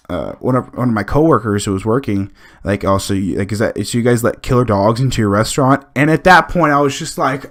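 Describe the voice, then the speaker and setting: A podcast host telling a long rambling story in casual chat, full of restarts and fillers, acting out what people said. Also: male voice, fairly low pitch, a bit bright.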